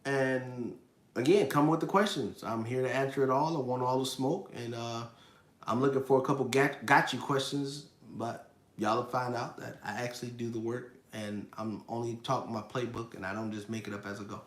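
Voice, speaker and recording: A man's voice: mid-range voice, normal speed, reverberant. A man in his thirties hosting a casual live finance stream, talking emphatically, repeating his points and answering chat questions. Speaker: livestream host.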